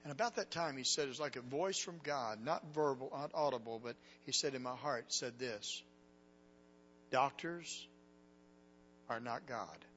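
A man preaching a sermon, telling a story with dramatic swings from hushed tones to loud cries. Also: mid-range voice, normal speed, hardly any pauses, in a large hall. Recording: dull lo-fi recording with faint hum.

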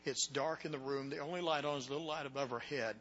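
Earnest, bright-voiced male preacher. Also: medium pitch, fast talker, highs cut off, slight background noise. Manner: earnest and emotional, quoting others. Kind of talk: sermon storytelling to young people.

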